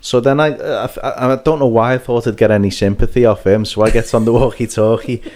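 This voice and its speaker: A man hosting a casual podcast chat, spinning a funny story with lots of energy. He acts out what others said and breaks into laughter often, at a middling pitch. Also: fairly even intonation, a little fast, darkish tone. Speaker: podcast host. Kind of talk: casual anecdote telling.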